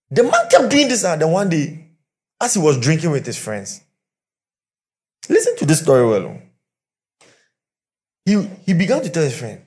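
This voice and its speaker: A male pastor preaching to a church, telling stories with animated pidgin asides. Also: fairly high pitch, normal speed, long pauses. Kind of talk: sermon. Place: church with live and online congregation.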